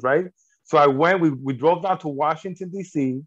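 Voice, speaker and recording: A middle-aged filmmaker talks in a casual interview, earnest and meandering, full of fillers and restarts. His voice sits a little high. The audio is dull and lo-fi. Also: fairly quick. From United States. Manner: earnest, rambling with many fillers and restarts, laughs at himself. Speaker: filmmaker and actor.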